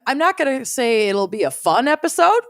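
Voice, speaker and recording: A woman's voice: high-pitched, big pitch swings, brisk, no echo, clean studio sound. A young adult woman co-hosting a casual true crime podcast, chatty and wry, often laughing as she talks. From Minnesota. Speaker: podcast co-host.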